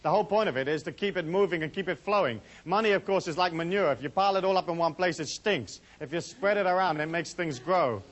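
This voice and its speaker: Male seminar speaker, a touch high-pitched, loose and conversational, full of "you know" asides. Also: fast, hardly any pauses, slight background noise. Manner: rambling, chatty, many "you know" asides. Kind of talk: casual lecture to a live audience.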